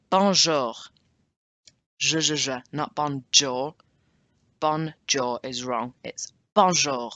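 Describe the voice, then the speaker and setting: Woman teacher, low voice, unhurried, repeats words for drills, dry close sound. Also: fairly bright tone, dry recording. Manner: switches between French and English. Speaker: language teacher. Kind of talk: spoken language lesson.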